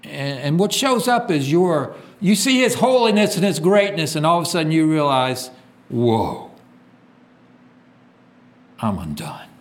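A man's voice: expressive, normal speed, few pauses. A man preaching a sermon, reading scripture aloud and asking his listeners to fill in the words. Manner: call-and-response questions, reads scripture aloud; swings from loud emphatic peaks to quiet low drops.

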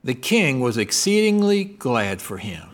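A man preaching with a lively, swinging delivery, his pitch rising and falling all through the sermon. He keeps putting questions to his listeners and answering them himself. Some lines come loud and pushed, others drop low and quiet. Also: measured pace. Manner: asks the congregation call-and-response questions.

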